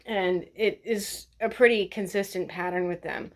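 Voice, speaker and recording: A woman's voice: medium pitch, fairly even intonation, moderate pace. A woman vlogger talking in a blunt, sarcastic, profane way as she rants to the camera. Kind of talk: casual ranting vlog.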